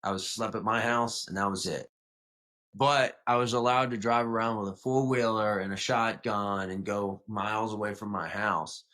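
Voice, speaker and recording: A man's voice: fairly low pitch, steady tone, moderate pace, pushed and bright. A young man from Louisiana with a faint South Louisiana accent, rambling casually as a podcast guest. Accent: light South Louisiana. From Louisiana, south of New Orleans. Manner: rambling, self-correcting, with many "like" and "you know". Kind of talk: casual storytelling interview.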